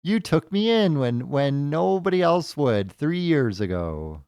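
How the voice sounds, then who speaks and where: A man's voice: fairly high pitch, very animated, a little slow, a little mellow, clean tone, no room sound, clean studio sound, voice pushed up. A man reading a game's lines aloud as an earnest young man taken in by a village chief. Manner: reads game dialogue aloud, mock-earnest.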